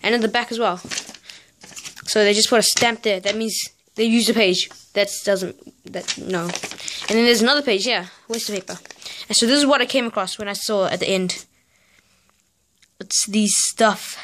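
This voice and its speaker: A woman's voice: medium pitch, normal speed, a bit bright, a little hiss or hum. A woman vlogger ranting in a casual, sarcastic, exasperated way, spelling out letters in disbelief. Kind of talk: casual vlog rant.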